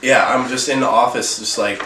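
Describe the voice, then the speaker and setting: A man telling a story in casual chat, animated and laughing, with plenty of swearing. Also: medium pitch, moderate pace. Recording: echoey room, distant mic, faint hiss.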